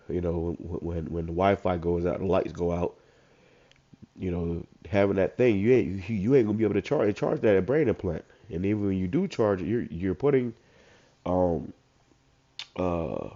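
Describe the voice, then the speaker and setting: A man with a stuffed-up voice who reads verses slowly, then comments on them in casual slang. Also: sits low, mellow. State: congested, stuffed up. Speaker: street preacher. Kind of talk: informal scripture commentary. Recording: dull lo-fi recording.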